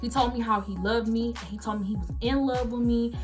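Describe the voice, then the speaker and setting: A young woman with a fairly high voice tells a story-time vlog. She is animated and emphatic and acts out the quoted messages in her own voice. Faint music plays softly behind her. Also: brisk. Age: late teens. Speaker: vlogger.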